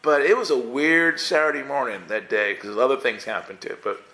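A man telling a humorous personal story to a church group, animated and chuckling as he acts out his own thoughts. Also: medium pitch, a little fast.

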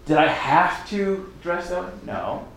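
A man's voice: sits high, fairly even intonation, unhurried, creaky, a bit bright. A man giving a story-driven sermon, acting out dialogue and laughing often. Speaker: lay preacher, teacher. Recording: very echoey room, faint noise.

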